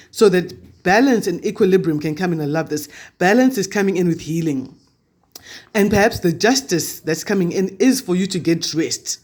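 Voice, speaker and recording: A man's voice: high voice, darkish tone. A man giving a weekly tarot reading to camera, chatty and reassuring as he passes on spiritual guidance. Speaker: tarot reader.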